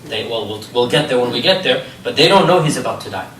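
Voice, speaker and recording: A man giving an animated religious history lecture, telling stories and asking his listeners rhetorical questions. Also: medium pitch, fast talker, slight background noise. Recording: echoey room, distant mic, faint ambience.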